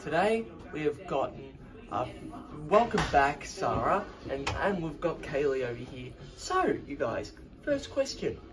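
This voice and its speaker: A man hosting a casual backstage interview, reading out numbered questions haltingly. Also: fairly high pitch, very animated. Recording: distant mic with music behind.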